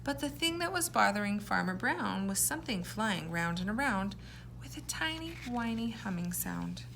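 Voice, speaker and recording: A woman teacher reading a poem aloud to young children and explaining words in a clear, encouraging way. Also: mid-range voice, sing-song, normal speed, a bit bright, a little hiss or hum.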